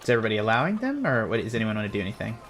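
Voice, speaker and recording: A man narrating as game master in a relaxed, casual way, with many fillers. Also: on the low side, very fast.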